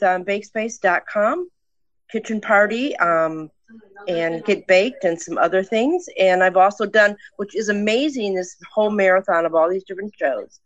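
A woman's voice: medium pitch, a bit bright, dry recording, highs cut off. An older woman calling into a live podcast, speaking with enthusiastic, rambling energy from a friend's home. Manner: enthusiastic, rambling, self-promoting. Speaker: podcaster guest. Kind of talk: live call-in chat. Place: friends' house with people in the background.

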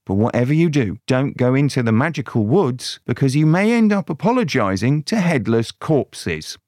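A man's voice: mid-range voice, sing-song, moderate pace, a little mellow, no echo, clean studio sound. A man narrating a crude mock fairy tale in a sardonic way. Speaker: storyteller.

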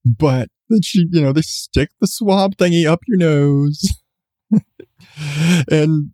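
A man's voice: fairly high pitch, slow, long pauses, dark tone, no room sound, studio quality. A man, host of a podcast, telling a story in a rambling, self-mocking way with frequent restarts. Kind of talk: casual storytelling.

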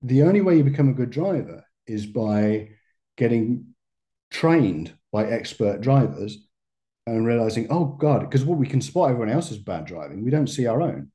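A man who works as a massage therapist and educator is a guest on a conversational podcast interview, speaking reflectively at a moderate pace. His mid-range voice is expressive and warm, and he often restarts phrases and laughs lightly.

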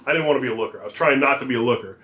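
A man's voice: medium pitch, racing. A man co-hosting a podcast, chatting casually and laughing often as he tells a story. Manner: laid-back, laughs often, animated storytelling. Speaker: podcast co-host.

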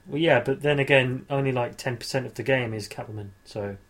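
A man's voice: medium pitch, fairly quick. A man chatting casually as a podcast co-host, playful and bantering. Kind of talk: casual chat.

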